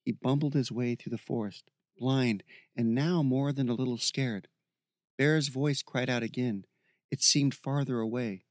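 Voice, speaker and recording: A man reading a fantasy story aloud as narrator, in a steady, even storytelling voice. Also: mid-range voice, unhurried, dry recording, studio quality. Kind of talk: audiobook narration.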